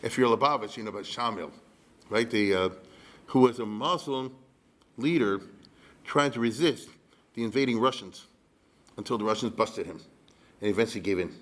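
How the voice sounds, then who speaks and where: A man's voice: on the low side, normal speed, pauses often, fairly bright tone. A man, a rabbi, giving a conversational history lecture, often checking in with his listeners and dropping wry humorous asides. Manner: chatty, keeps checking in with the audience.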